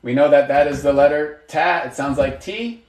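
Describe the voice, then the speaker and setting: A man's voice: a little high, moderate pace, darkish tone, roomy sound. A man teaching a live online lesson, patient and encouraging, asking students questions and praising their answers. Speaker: Arabic teacher.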